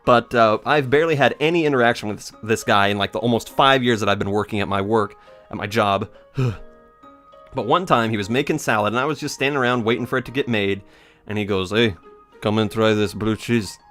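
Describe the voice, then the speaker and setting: A young man talks over his gameplay in a loose, rambling way, telling jokey stories as he goes. His voice has a medium pitch that moves around in a lively way, and faint music plays behind him. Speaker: let's play gamer. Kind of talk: casual gameplay commentary.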